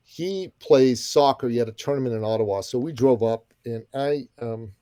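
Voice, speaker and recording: Mellow-voiced middle-aged man telling stories. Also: mid-range voice, moderate pace, dry recording, clean studio sound. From Iranian background. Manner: energetic, emphatic, folksy asides. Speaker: podcast guest. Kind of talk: animated storytelling.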